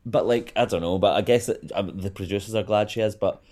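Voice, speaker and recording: A man co-hosting a podcast, chatting in a gossipy way with lively swings of emphasis. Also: fairly low pitch, fast talker. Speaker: podcast co-host. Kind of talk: casual chat.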